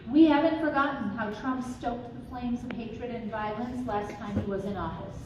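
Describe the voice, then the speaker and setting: A middle-aged woman from southwestern Minnesota giving a measured, emphatic campaign speech, with folksy asides. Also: fairly high pitch. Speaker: political campaign speaker. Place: restaurant event room. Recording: echoey, distant room recording with crowd noise.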